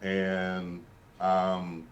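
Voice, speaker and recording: An earnest man in his sixties tells a personal story in a sit-down interview, circling back over his phrases as he goes. His voice sits fairly low, and the mic catches him from some distance away. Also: monotone, extremely slow, lo-fi sound. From Birmingham, Alabama, US. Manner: earnest, repeats and restarts phrases, vividly recounting. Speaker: interview guest. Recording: voice picked up from a distance.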